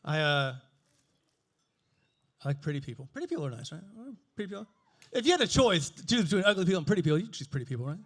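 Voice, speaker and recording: High-voiced man doing crude stand-up. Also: sing-song, fast talker, pauses often, a bit bright. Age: 40s. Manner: crude, playful, self-mocking, riffing with the audience. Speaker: stand-up comedian. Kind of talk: stand-up comedy set.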